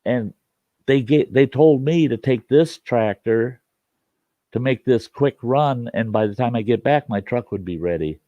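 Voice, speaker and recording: A man voicing a flustered male trucker, raising his voice a little higher and drawing out the words as he retells the other driver's account. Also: measured pace, warm tone, dry recording, muffled recording, close to an everyday voice. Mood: explaining. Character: flustered adult male trucker explaining himself.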